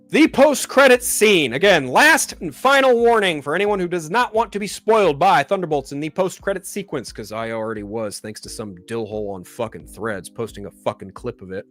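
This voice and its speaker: Profane, animated male stream host. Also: a little high, fairly quick, faint music behind. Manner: profane, ranting, rises into loud exasperation. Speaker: solo live-stream host. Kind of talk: casual live-stream commentary.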